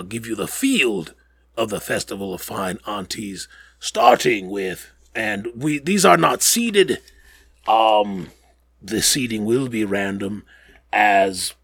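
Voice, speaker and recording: A man's voice: fairly low pitch, vocal fry, husky, dry recording. A man hosting a podcast in casual chat, rambling and joking while getting over the flu. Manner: animated, rambling, jokey asides. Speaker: podcast host.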